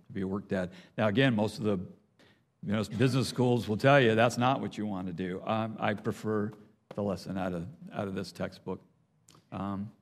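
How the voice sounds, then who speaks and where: An older man giving a conversational, earnest sermon, with frequent restarts and asides. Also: lowish voice. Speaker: preacher. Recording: long hall reverb.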